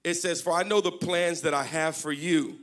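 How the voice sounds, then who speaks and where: A man's voice: a little high, steady tone, moderate pace. A man preaching a sermon to his congregation, joking and calling for responses. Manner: call-and-response, joking, rising to shouts. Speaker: pastor. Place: church service before a congregation.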